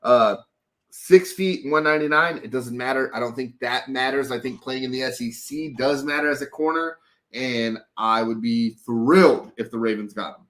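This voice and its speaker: A man's voice: mid-range voice, normal speed, fairly bright tone. A man from Texas hosting a casual sports podcast, talking loosely with lots of swearing and rambling asides. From Dallas, Texas. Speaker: podcast host.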